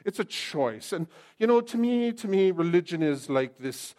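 A man's voice: high voice, big pitch swings, normal speed, mellow, pitched above the performer's own voice. A man voicing a wishy-washy person with vague, easygoing faith, in an airy, musing tone.

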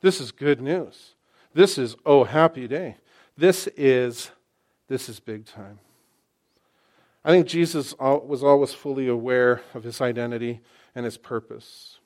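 Man, 60s, pastor mid-sermon; dynamic delivery, repeats lines for emphasis, loud-to-soft swings. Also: medium pitch, a little slow. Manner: emphatic, swings from loud exclamations to hushed asides.

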